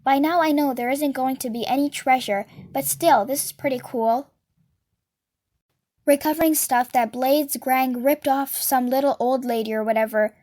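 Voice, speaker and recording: A woman reading a novel aloud as a storyteller, with steady and expressive delivery. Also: high voice, normal speed.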